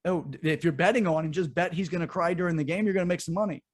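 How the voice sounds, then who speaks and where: A man's voice: fairly high pitch, very fast. A man co-hosting a podcast, ranting in a heated, profane way during casual political chat. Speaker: podcast co-host.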